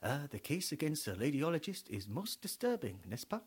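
A fussy, self-important Belgian detective done by a man speaks in a theatrical French-tinged accent. He swoops through his words and tacks easy French phrases onto them. The voice sits fairly high. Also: sing-song, brisk, breathy edge. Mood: pompous. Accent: French-tinged put-on.

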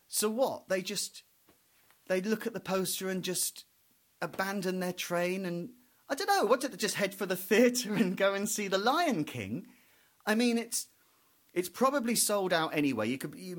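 A man's voice: sits high, a bit bright. A man performing a rambling stand-up monologue, building incredulous hypotheticals. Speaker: stand-up comedian.

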